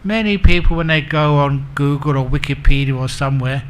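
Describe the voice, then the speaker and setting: A Buddhist monk teacher gives a dharma talk, telling humorous stories and chuckling at his own jokes. His voice is a little high and his delivery brisk.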